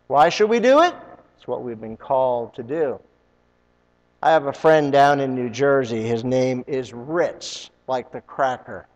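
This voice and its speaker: A man preaching a sermon as pastor, animated, acting out the voices of biblical figures and rising high when he gets excited. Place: church sanctuary. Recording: dull lo-fi sound with long hall reverb.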